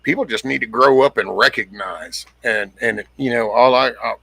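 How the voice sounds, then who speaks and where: Blunt rambling man, husky and dry. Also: medium pitch, normal speed, pushed and bright, no room sound. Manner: rambling, blunt, swears casually, greets viewers by name. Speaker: livestream host. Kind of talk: casual livestream chat reading comments.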